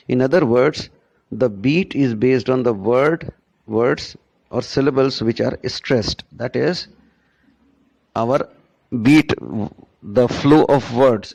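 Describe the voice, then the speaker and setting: A man giving a classroom lesson at an unhurried, deliberate pace. His voice has a gravelly edge, and he keeps pausing to ask his students "right?" as he explains. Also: mid-range voice, a little mellow, highs cut off. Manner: slow and deliberate, checks in with "right?". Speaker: teacher. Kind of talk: classroom lecture on pronunciation.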